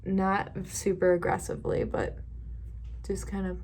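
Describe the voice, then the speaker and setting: A young woman talks through a beauty tutorial in a loose, rambling way, stopping now and then to laugh. Her pitch sits in the middle and she keeps telling her viewers not to worry. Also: monotone, a little slow, gravelly, darkish tone, a little hiss or hum. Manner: chatty, rambling, reassuring, laughs often. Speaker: beauty vlogger. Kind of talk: casual makeup tutorial.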